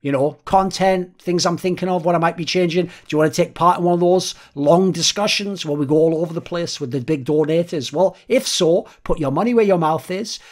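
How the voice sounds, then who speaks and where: A man hosting his own esports channel, giving a blunt, rapid and profane opinion monologue. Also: fairly high pitch. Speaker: esports commentator and channel host.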